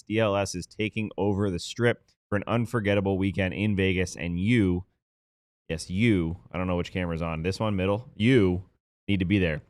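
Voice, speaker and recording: Casting note: low-voiced male podcast co-host, joking ad read, clean dry mic. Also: no echo. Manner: loose, joking promo delivery. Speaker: podcast co-host reading ads. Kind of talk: casual podcast chat and ad read.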